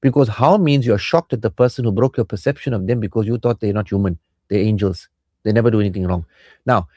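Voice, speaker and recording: A man's voice: lowish voice, quick pace, mellow, no room sound. A man hosting a family counselling radio show, giving advice in casual talk and acting out quoted lines in little voices. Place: radio studio.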